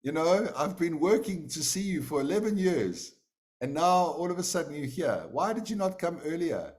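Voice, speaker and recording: A man doing a shrill, exasperated yogi monk. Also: sing-song, normal speed, darkish tone. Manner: high, agitated exclaiming. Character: frustrated male yogi monk, pleading.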